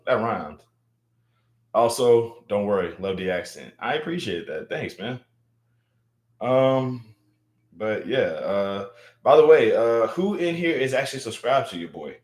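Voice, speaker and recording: Young man hosting a casual livestream, lowish voice, echoey room, animated and repetitive. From Louisiana. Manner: animated, repeats words, hypes up viewers. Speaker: livestream host. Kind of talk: casual livestream chat reading viewer comments. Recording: roomy echo.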